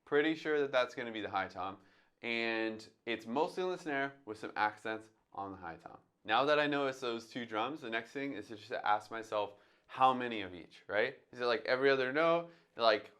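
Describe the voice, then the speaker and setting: A man with a smooth, mid-range, slightly bright voice speaks at a moderate pace during a casual drum tutorial. Moving step by step, he talks through his thoughts and sings the drum parts aloud.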